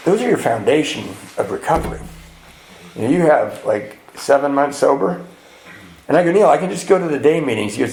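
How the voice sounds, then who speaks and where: A man's voice: mid-range voice, gravelly, darkish tone. A man from California giving a personal recovery talk at a retreat, telling stories and acting out the dialogue, laughing at himself as he goes. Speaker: retreat speaker sharing his recovery story. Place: retreat meeting room. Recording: roomy echo.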